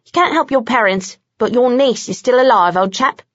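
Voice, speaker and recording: A woman's voice: a little high, normal speed, fairly bright tone, no room sound, pitched above the performer's own voice. A woman voicing a brash, sardonic male British vampire with a clipped, irritated manner, in a dull, dry recording. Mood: wry.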